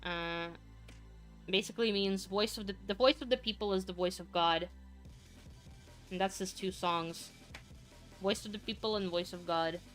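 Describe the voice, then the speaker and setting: A woman's voice: mid-range voice, moderate pace, long pauses, soft background music. A woman streamer chatting casually to her viewers, gushing and swearing freely in rambling asides. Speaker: vtuber streamer. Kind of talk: casual live-stream chat.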